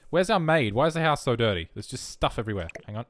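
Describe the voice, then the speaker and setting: A man's voice: medium pitch, lively intonation, fast, a bit bright. A young man giving wry, self-mocking commentary while playing a life-simulation game. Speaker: let's play host. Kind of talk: casual gameplay commentary.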